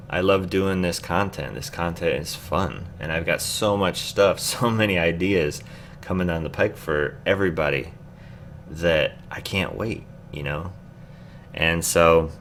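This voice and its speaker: Man, Midwestern accent, very low voice, rambling casual chat, faint noise behind. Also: fairly bright tone. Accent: Midwestern American. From American Midwest. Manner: rambling and easygoing, with many fillers. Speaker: YouTuber.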